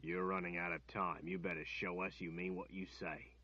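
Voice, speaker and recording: A man reading an audiobook, voicing a big, brutish male captor with a gruff, commanding voice. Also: sits low, little pitch movement, moderate pace, bright, forceful tone, lo-fi sound, heavily acted. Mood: menacing. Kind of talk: audiobook character voice.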